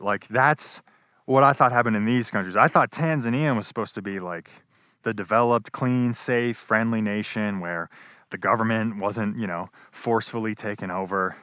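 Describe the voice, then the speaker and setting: A man's voice: lowish voice, sharp tone, dry recording, studio quality. Rambling, profane young man. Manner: rambling, profane, full of fillers. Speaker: travel vlogger. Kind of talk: casual storytelling vlog. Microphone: wireless clip-on mic.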